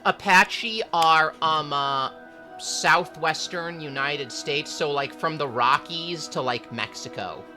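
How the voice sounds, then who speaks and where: A streamer in casual gaming chat with friends, talking in a halting way full of fillers and restarts. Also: medium pitch, over music. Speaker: streamer playing a factory-building game with friends.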